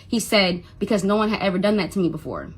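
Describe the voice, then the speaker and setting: A woman's voice: mid-range voice, quick pace, husky, faint music behind. A young adult woman, a mother, telling an emotional first-person story, stuttering and repeating words when upset and quoting others as she goes.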